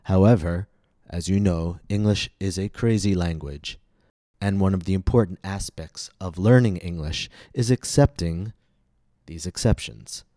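A man hosting a scripted pronunciation lesson podcast, speaking slowly and enunciating each word with care. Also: low-pitched, dark tone, no echo, studio quality. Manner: slow, careful, clearly enunciated delivery. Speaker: pronunciation teacher and podcast host.

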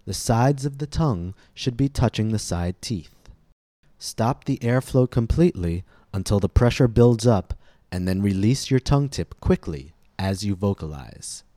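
A man hosting a scripted pronunciation lesson, speaking slowly and deliberately with careful articulation. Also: on the low side, lively intonation, warm tone, dry recording. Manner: slow, deliberate, clearly articulated instruction. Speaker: host, pronunciation teacher.

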